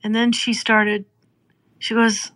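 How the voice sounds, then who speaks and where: A middle-aged woman from Canada, hosting a podcast and telling a moving story in an earnest, heartfelt way, slowing down for emphasis. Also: on the high side, little pitch movement, a bit bright. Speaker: podcast host. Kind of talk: emotional storytelling.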